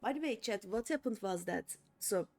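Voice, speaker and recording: A woman's voice: mid-range voice, animated, normal speed, a little mellow. A young woman streaming a game, chatting casually to her viewers in a rambling way with many fillers and restarts. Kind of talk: casual chat while playing a game.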